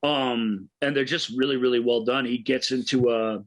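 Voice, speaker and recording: A man's voice: mid-range voice, fairly even intonation, moderate pace, poor audio. A man co-hosting a film podcast, enthusiastically retelling scenes in a casual, rambling way with frequent restarts.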